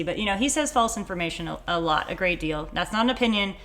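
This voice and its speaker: A woman's voice: mid-range voice, expressive, fast, few pauses. A woman co-hosting a podcast in casual chat, chatty and jokey, often laughing. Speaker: podcast co-host.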